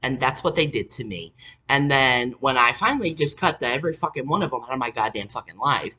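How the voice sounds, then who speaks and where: This woman's very deep, husky voice is expressive and sharp, her pace a little fast. Exasperated and sarcastic, she swears heavily as she tells the camera a family story.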